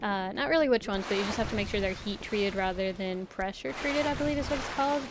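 A woman's voice: medium pitch, fast, background noise. A woman streamer chatting casually while playing a game, rambling with lots of fillers. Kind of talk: casual chat while gaming.

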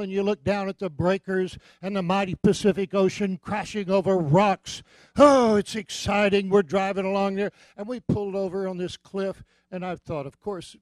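A man preaching a sermon as a comic, animated storyteller who sometimes bursts out loudly. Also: high voice, no echo. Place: church sanctuary.

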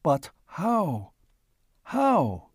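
A hesitant male historian from the far future picks his words slowly and stumblingly, as a man reads him. He sounds earnest and a little lighter than the narration. The sound is close and dry. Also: a little high, a little mellow, no echo, voice pushed up. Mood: astonished. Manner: halting, searching for old words.

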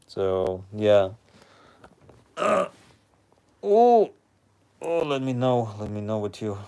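Hosting a casual live stream, this man speaks slowly in a smooth, fairly low voice. He's relaxed and talkative, reading out comments from his viewers as he chats.

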